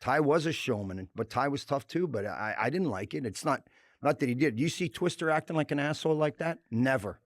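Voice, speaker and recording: A man's voice: medium pitch, a little fast, dry recording, clean studio sound. A middle-aged man, a former hockey enforcer, talking bluntly and with lots of swearing as a podcast guest. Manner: blunt, profane, animated storytelling. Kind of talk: casual chat.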